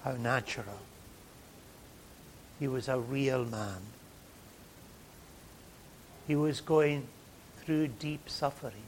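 Slow, dramatic male preacher. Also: medium pitch, slight background noise. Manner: dramatic, swings from hushed to loud. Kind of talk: sermon.

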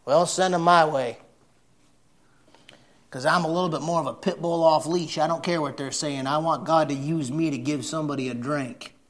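A middle-aged man preaching a sermon, folksy and blunt, swinging from loud shouts to soft, emotional storytelling. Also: a little high, fairly even intonation, normal speed. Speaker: pastor.

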